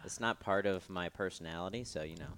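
A young adult man, a podcast guest, telling a casual story in a relaxed, rambling way with fillers. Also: low voice, quick pace, heavy background noise.

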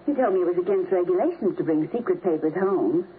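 An actress playing a gentle, indulgent mother who soothes and fusses, in 1950s radio drama style, heard through a tinny, hissy old broadcast. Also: lowish voice, fast, close to an everyday voice. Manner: soothing, fussing.

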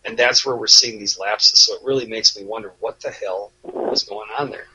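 Man, podcast co-host, husky, bright and forceful, casual sports chat, profane. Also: on the low side, brisk, rough recording. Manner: blunt and profane, rambling.

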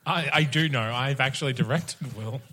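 A man's voice: medium pitch, moderate pace, sharp tone. A man co-hosting a podcast in casual chat, jokey and theatrical. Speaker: podcast co-host.

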